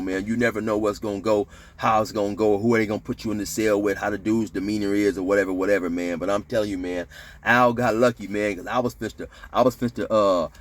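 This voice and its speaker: Animated storyteller man with slang. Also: on the low side. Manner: animated, with loud sound effects and slang. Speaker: storyteller recounting prison life. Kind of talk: casual storytelling to camera.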